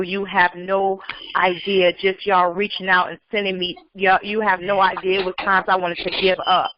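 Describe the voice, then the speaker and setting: A woman's voice: medium pitch, no echo. A woman, a police officer speaking earnestly and emotionally as a guest in a remote interview. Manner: earnest, emotional, plain-spoken. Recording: muffled dry call audio.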